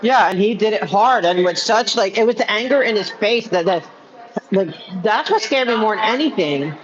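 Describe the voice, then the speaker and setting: A casual live-streamer, rambling with plenty of fillers and restarts at a middle pitch. The audio is slightly dull, with a busy crowd clearly audible in the background. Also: animated, normal speed. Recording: muffled with crowd chatter behind.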